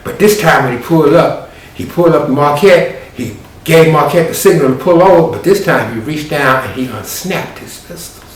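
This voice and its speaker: A male storyteller spins a tale in a folksy, chatty way, his voice slightly high. He sounds far from the mic in a very echoey room with a faint hiss behind him. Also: lively intonation, normal speed. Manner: folksy, conversational, colloquial. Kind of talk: animated oral storytelling. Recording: roomy, distant, faint hiss.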